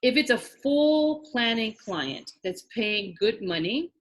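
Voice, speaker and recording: A woman's voice: fairly high pitch, animated, takes it slowly. Woman from New York, online class instructor, chatty and direct, frequent laughs. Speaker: wedding planning instructor. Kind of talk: online class, casual teaching.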